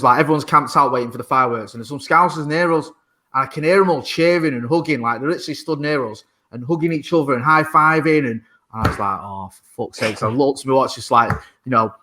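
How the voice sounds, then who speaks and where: A man, swearing his way through rambling stories in a casual podcast chat. His tone is bright and forceful, with a medium pitch for a man. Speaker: podcast co-host.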